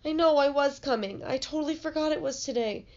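A woman's voice: sits high, fairly quick, a little mellow, voice pushed up. A woman voicing an earnest young boy who keeps apologizing, read aloud from a storybook in a slightly muffled recording. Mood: apologetic. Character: boy worried about an unfinished school report.

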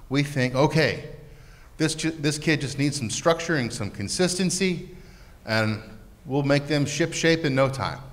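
A man speaking as a therapist on a panel, emphatic and animated, asking rhetorical questions. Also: medium pitch. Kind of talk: panel talk. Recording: long hall reverb.

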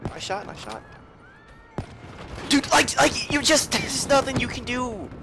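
A young man giving excitable gameplay commentary, swinging between mumbling and yelling. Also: very high voice, unhurried, vocal fry, background noise. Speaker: gaming video creator. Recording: trap beat playing underneath. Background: background hip-hop music.

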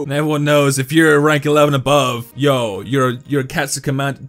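A young man giving casual, excitable commentary over a mobile game, breaking into loud high-pitched outbursts. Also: moderate pace, faint music behind. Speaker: gaming YouTuber.

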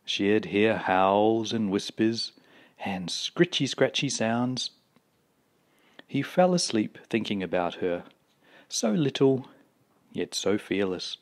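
A man reading a children's picture book aloud, with slow, expressive storytelling. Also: on the low side.

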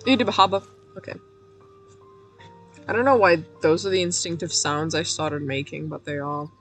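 Hoarse-voiced woman streamer rambling. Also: low-pitched, fairly even intonation, normal speed, faint music behind. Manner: rambling, self-mocking, punny, laughs often. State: voice going hoarse. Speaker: game streamer. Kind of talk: casual let's-play commentary.

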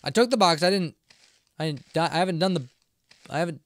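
A man's voice: on the high side, expressive, fast talker, fairly bright tone. A man streaming live gameplay, talking playfully to the game's characters and rambling aloud to himself as he goes. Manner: playful, jokey, talking back to game characters; rambling self-talk with frequent restarts.

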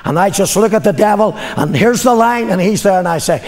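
An older man preaching a sermon as a pastor, telling a story, moving between loud declarations and low, confiding passages. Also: brisk. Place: church. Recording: long reverb of a church hall.

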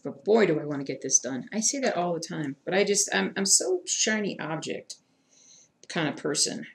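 While stitching on a live stream, a woman chats casually with her viewers, reading their comments and muttering to herself as she hunts for thread. Her lowish voice has vocal fry and lively intonation at a moderate pace, and her manner is chatty and self-deprecating.

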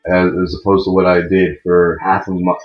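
A man's voice: low voice, little pitch movement, fairly quick. A young man of about eighteen hosting a let's play, giving chatty, rambling commentary that keeps correcting itself. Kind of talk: casual gameplay commentary. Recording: muffled mic in a wrong jack, echoey room. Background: faint game music.

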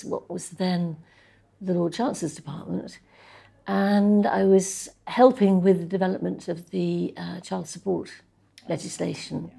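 Older woman, husky, gravelly, mellow tone, anecdotal interview talk. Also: fairly low pitch. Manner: anecdotal, chuckling, with frequent ums and restarts. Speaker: interviewee, social policy researcher. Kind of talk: reflective conversational interview.

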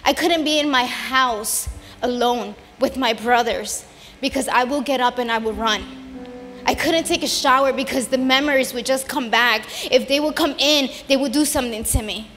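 A woman's voice: sits high, moderate pace. Woman telling her testimony at church, earnest, gets fervent and preachy, echoey hall, faint music behind. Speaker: testimony speaker at a church service. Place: church sanctuary. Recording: long hall reverb with soft music behind.

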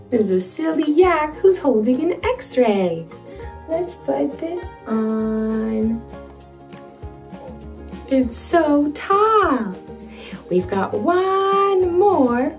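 Young woman, toddler presenter: very slow, high and bouncy, playful and sing-song. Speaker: children's video presenter. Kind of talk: teaching toddlers.

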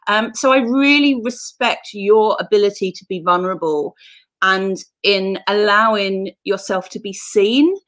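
A woman's voice: medium pitch, measured pace, fairly bright tone. A woman from southern England hosting a casual live-stream chat, chatty and enthusiastic with casual swearing. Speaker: host.

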